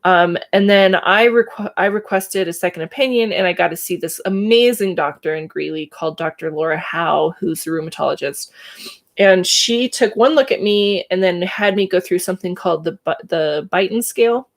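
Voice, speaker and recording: On a relaxed livestream, a female host in her thirties shares her personal story with candor and emotion, breaking into laughter between thoughts. She speaks at a normal pace in a voice on the low side.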